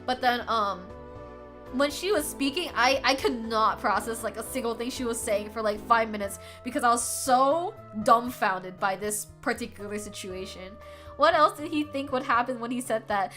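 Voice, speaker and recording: Lively high-voiced young woman streamer. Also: moderate pace, soft background music. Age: young adult. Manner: animated, laughs often, swears freely. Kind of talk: casual storytelling to a live chat. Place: home streaming setup.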